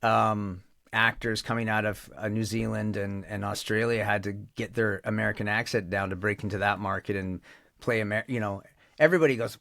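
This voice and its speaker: A man's voice: fairly low pitch, fairly even intonation, brisk, creaky, bright, forceful tone, no echo, clean studio sound. A man with a Canadian accent, a voice actor chatting casually as an interview guest, rambling with many restarts.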